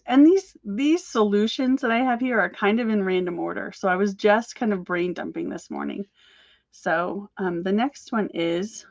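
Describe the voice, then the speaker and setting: A woman giving an energetic, encouraging motivational talk as a business coach, talking fast. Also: mid-range voice, dry recording, lo-fi sound.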